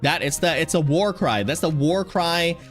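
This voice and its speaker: A man's voice: a little high, normal speed, loud music behind the voice. A man streamer chatting casually and rambling, often restarting his sentences. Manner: rambling, with many restarts and fillers. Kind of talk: casual chat.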